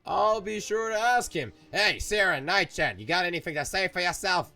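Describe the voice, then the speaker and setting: A man's voice: sits high, animated, normal speed, bright, forceful tone, faint music behind. A young man commenting on a video game, rambling and playful, often correcting himself. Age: young adult. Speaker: gaming YouTuber. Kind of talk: let's play commentary.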